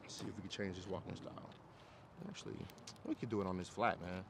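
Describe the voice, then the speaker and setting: Guy coaching a dog class outside, chill talk then loud high "good boy" praise, bit of traffic hum behind. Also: fairly even intonation, quick pace, gravelly. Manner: casual, explains with repeated checks like "you get what I'm saying". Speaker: dog trainer. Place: outdoors in a city.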